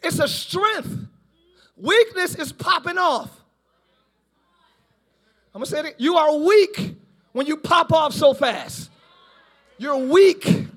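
Male pastor, very high voice, live church sermon, shouts and jokes. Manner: animated preaching, often shouting, playful asides. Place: large church, live service.

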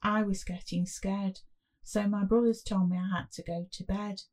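A woman voices a frightened five-year-old boy in a spoken story, speaking in a small, pleading voice. Her own voice is natural and a little mellow, mid-range with fairly even intonation, at a moderate pace.

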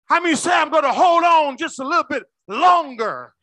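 A male preacher with a high, bright tone speaks expressively at normal speed, his sermon ranging from loud booms to hushed near-whispers. He calls out to those gathered, and the close, dry recording carries no echo.

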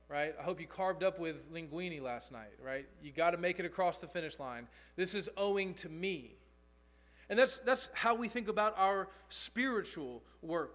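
A man's voice: high voice, fairly bright tone. A man pastor preaching a sermon, earnest and emphatic, repeating key phrases for stress.

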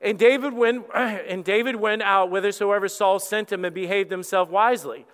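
A lead pastor with a high-pitched voice preaches at a moderate pace, heard with long hall reverb. He tells the story animatedly, acting out the characters.

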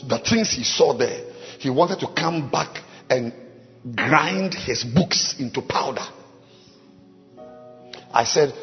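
A man pastor preaching a sermon, swinging from emphatic declarations to hushed asides and praying in tongues. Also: medium pitch. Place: large church. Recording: muffled recording, long hall reverb, faint music.

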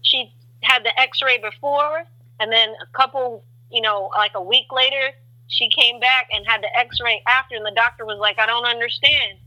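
A woman guest on a faith talk show, telling testimony as an animated storyteller who acts out voices with big jumps in pitch. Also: normal speed, rough recording.

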